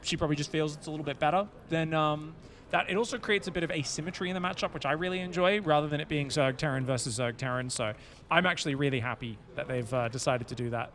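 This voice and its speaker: A young man commentates a live esports match, his voice sitting high for a man. He drifts into silly banter during lulls and rattles off the action when fights break out. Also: fast, fairly bright tone. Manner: jokey, rambling banter, speeds up for action. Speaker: esports caster.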